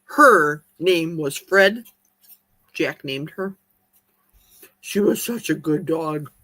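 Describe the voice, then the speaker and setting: A woman's voice: deep voice, lively intonation, extremely slow, a bit bright, dry recording. A woman chatting casually on a live stream, eating as she talks and reading viewer comments aloud in her kitchen. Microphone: streaming mic.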